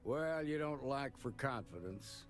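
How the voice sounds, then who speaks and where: A man's voice: mid-range voice, animated, measured pace, faint music behind, natural voice. A male actor voicing a folksy frontier lawman in a video game, handing out dry praise. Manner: folksy drawl, dry compliments. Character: gruff frontier lawman, proud and approving. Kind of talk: game voice acting.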